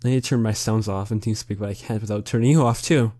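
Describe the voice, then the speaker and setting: A man's voice: on the low side, fast, mellow, no echo. Young guy on a headset mic, giggly and rambly, dry close sound. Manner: giggly, rambling, self-mocking. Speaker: channel host answering questions. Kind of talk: casual voice-chat Q&A.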